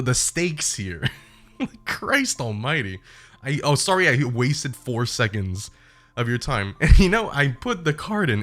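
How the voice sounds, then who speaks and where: Brief: young male streamer, mid-pitched, animated and foul-mouthed, casual storytelling. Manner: animated, profane, laughing retelling.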